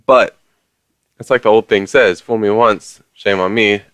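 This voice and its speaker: In an unhurried, casual rant to his viewers, this man rambles with many fillers and mild swearing. His lowish voice has fairly even intonation and a slightly bright tone, recorded dry.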